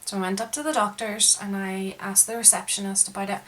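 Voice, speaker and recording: A woman's voice: mid-range voice, a little fast, rough recording. A woman vlogging a casual, frustrated rant, recounting events and acting out the back-and-forth in her own voice. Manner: frustrated, retelling events with lively quoted dialogue. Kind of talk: casual ranting monologue.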